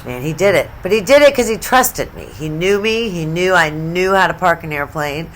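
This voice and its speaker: A woman's voice: on the low side, animated, normal speed, a bit bright, a little hiss or hum. Chatty, blunt middle-aged woman vlogger. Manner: chatty, blunt and profane, with asides. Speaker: sports vlogger. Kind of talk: casual storytelling vlog.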